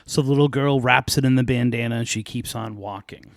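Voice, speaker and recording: A man hosting a podcast, casually retelling a folk tale with lively asides and light laughs. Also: mid-range voice, fairly quick, dry recording, clean studio sound. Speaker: podcast host.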